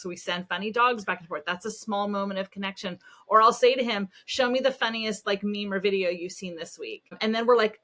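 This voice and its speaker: A middle-aged woman guesting on a podcast, her voice bright and forward. She tells family stories in a lively, self-deprecating way and pokes fun at herself. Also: medium pitch. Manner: animated storytelling, self-deprecating. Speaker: podcast guest, parenting expert. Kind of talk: casual podcast conversation.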